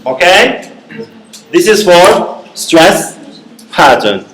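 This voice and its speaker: A man's voice: high voice, sing-song, drawn-out words, a bit bright, slight background noise. A male university lecturer teaching a class, repeating key words and checking in with "okay?" often. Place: echoey classroom. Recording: echoey room from far off.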